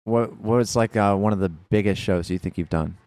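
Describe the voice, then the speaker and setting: Low-voiced casual co-host. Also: male voice, fairly quick, dry recording. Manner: relaxed, many likes and fillers. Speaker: podcast co-host. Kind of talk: casual interview chat.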